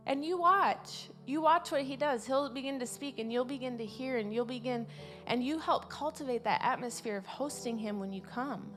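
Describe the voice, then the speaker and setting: At a church service, a woman with a slightly high voice preaches an informal sermon. She's earnest, repeats her key words, and grows louder on her main points.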